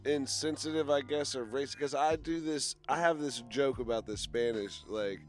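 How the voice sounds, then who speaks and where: A man's voice: mid-range voice, moderate pace, soft background music. A male radio host with a mid-range voice chats with a guest in a loose, rambling, joking way. His easygoing talk drifts from one thought to the next. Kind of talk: casual interview chat. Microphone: radio studio microphone.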